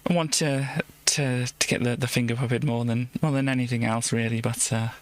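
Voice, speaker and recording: A man in a casual live stream, talking at an everyday mid pitch into a desktop microphone. He reads game text aloud in a plain way and breaks off for wry remarks. He often trips over his words, repeats them and restarts his sentences. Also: fairly even intonation, normal speed, no echo. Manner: wry asides between read passages.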